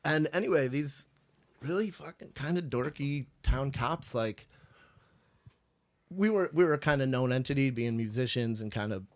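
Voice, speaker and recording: A man's voice: medium pitch, expressive, normal speed. A middle-aged man from Chicago telling a long, rambling story on a podcast in a basement. He swears freely and acts out what people said.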